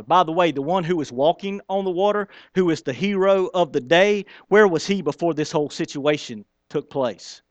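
A pastor with a voice on the high side preaches a sermon, chatting with the congregation conversationally and acting out the lines he quotes. The recording is dry.

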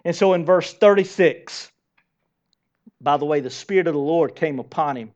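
High-voiced man preaching a sermon. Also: moderate pace. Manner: lively preaching, asks the congregation direct questions. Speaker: pastor. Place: church sanctuary with congregation. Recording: dull lo-fi sermon recording.

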